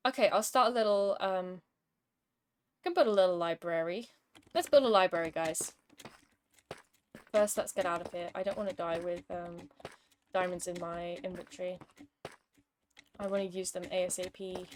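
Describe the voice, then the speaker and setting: A woman's voice: fairly low pitch, steady tone, normal speed, pauses often, slight background noise. A young woman streaming a game, chatting casually and telling an exasperated, wry story between moves. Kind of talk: casual gaming commentary with storytelling.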